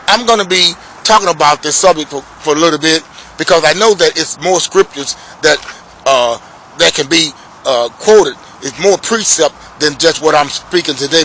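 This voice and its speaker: A man with a fairly high, bright, forceful voice delivers a sermon outdoors. He preaches casually and emphatically, repeating his points and slipping into scripture recitation. Faint traffic hums behind him. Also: poor audio.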